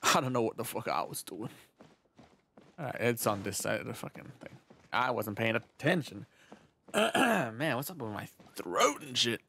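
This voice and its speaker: A man streaming a game live, chatting casually as he plays, rambling, swearing freely and often clearing his throat. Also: mid-range voice, lively intonation, moderate pace, sharp tone, slight background noise. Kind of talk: casual live gameplay commentary.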